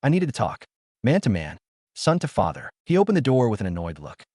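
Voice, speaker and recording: A man's voice: mid-range voice, wildly swooping pitch, brisk, darkish tone, dry recording, studio quality. A man narrating a scripted first-person story in a bitter, emotional, dramatic way.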